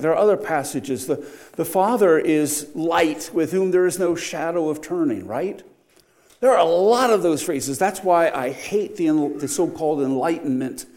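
An older man, a pastor, preaching a sermon with wry humor and sharp swings between loud emphasis and quiet, earnest moments. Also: fairly high pitch, normal speed.

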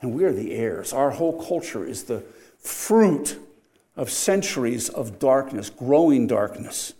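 An older man, a pastor, preaching a sermon with wry humor and sharp swings between loud emphasis and quiet, earnest moments. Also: medium pitch, expressive, unhurried.

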